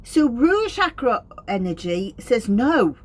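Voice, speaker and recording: A middle-aged woman with a Wolverhampton accent, an aromatherapist explaining her practice to camera in a gentle, unhurried, thoughtful way. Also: fairly low pitch, lively intonation, slight background noise. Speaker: clinical aromatherapist.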